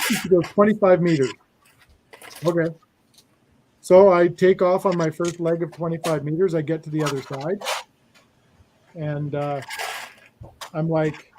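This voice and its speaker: A man's voice: fairly high pitch, moderate pace, pauses often, slight background noise, rough recording. A man hosting a casual chat, telling a funny story and acting out both sides of the conversation. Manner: storytelling, animated retelling with quoted dialogue. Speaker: host.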